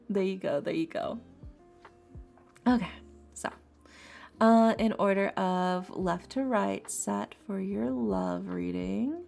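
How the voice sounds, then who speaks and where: A woman's voice: mid-range voice, slow, creaky, long pauses, a little mellow. A woman streamer doing tarot readings in a rambling, chatty way, laughing often and repeating herself. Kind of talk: casual live-stream chat. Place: home streaming setup. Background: faint lofi music.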